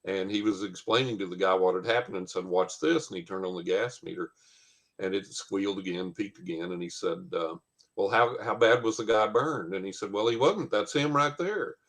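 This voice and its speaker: A man tells a long anecdote in a fairly low voice. He rambles along with many "uh"s and acts out what other people said. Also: steady tone, a little fast, a bit bright. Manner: rambling anecdote with many fillers and quoted dialogue. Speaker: guest storyteller. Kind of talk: casual storytelling.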